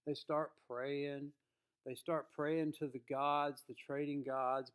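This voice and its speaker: A man's voice: fairly high pitch, flat delivery, slow, clean tone. Folksy, emphatic male trading teacher. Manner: emphatic, folksy, acts out quotes. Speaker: trading educator. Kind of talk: casual spoken lesson to viewers.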